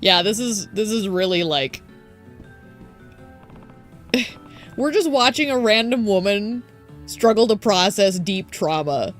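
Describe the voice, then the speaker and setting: A woman's voice: medium pitch, animated, slow pace, long pauses, faint music behind. A young woman streaming a game, reacting with emotion and laughing through the sad moments. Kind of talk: let's play commentary.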